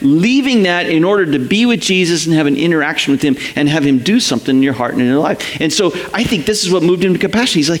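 A man delivers a sermon with a lively, swooping voice that sits a little above the usual male pitch. He tells his stories with animation and slips into the voices of the people he quotes. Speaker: pastor.

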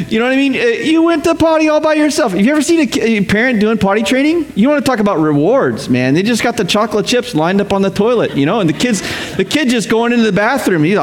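Male pastor, high voice, joking, animated, casual sermon. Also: a little fast. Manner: joking, animated, chuckles between points.

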